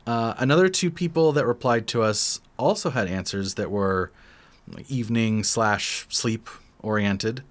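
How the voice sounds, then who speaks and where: Man, young adult, somewhat low voice, casual podcast co-host, rambling, self-deprecating. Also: unhurried.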